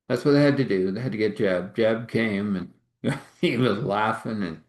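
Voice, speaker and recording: A man telling a spiritual story in a relaxed way, laughing often. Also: on the low side, normal speed. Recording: roomy echo.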